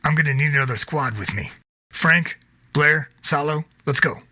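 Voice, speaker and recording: A man reading the lines of a firm, calm male squad commander who gives orders. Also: on the high side, moderate pace, no room sound, studio quality, voice pushed up.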